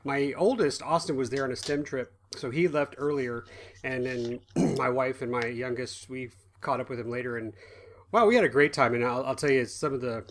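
A man's voice: mid-range voice, normal speed. A chatty male co-host in his forties who tells stories in a loose, rambling way. Faint noise sits behind his voice. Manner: rambling, laughing, chatty storytelling. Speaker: podcast co-host. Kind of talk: casual podcast chat.

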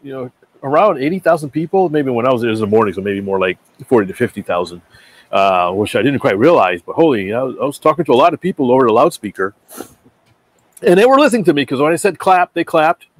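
A man's voice: medium pitch, expressive, fast. A man hosting a casual chat, rambling with many fillers. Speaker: podcast host.

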